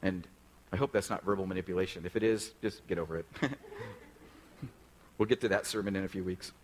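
A man's voice: deep voice, fairly quick, slight background noise, poor audio. A male pastor preaching a sermon in a conversational way, often putting direct questions to the congregation.

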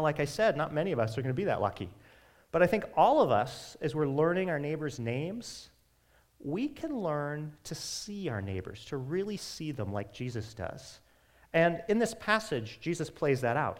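A male pastor preaching in a relaxed, chatty way, his voice sitting a little high for a man. His pitch rises and falls freely, and he speaks in quick asides to the congregation. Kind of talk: sermon.

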